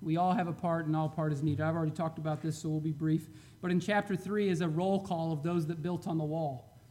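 A man preaching a sermon to his church, fervent and emphatic, swinging from loud to quiet and chuckling between points. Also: a little high, fairly even intonation, brisk. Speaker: pastor.

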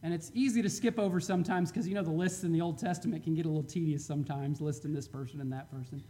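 A man preaching a sermon to his church, fervent and emphatic, swinging from loud to quiet and chuckling between points. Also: a little high, steady tone, fast. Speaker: pastor.

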